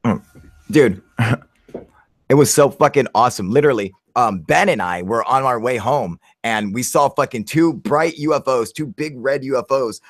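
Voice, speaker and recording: A man hosting a casual live chat, excitable and profane, calling everyone dude as he tells a story. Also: mid-range voice, normal speed, dry recording, studio quality. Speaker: channel host on a livestream.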